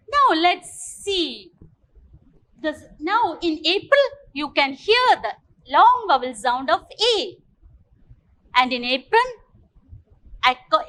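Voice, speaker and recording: A woman's voice: high voice, fairly bright tone. A woman teaching phonics to young children in a sing-song, coaxing way, with an Indian English accent. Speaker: kindergarten teacher.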